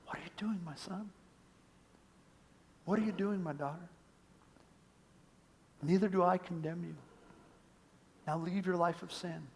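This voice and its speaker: A man preaching a sermon, voicing God as a soft, gentle whisper that calls people by name. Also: sits high, fairly even intonation, measured pace, creaky, pauses often. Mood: tender.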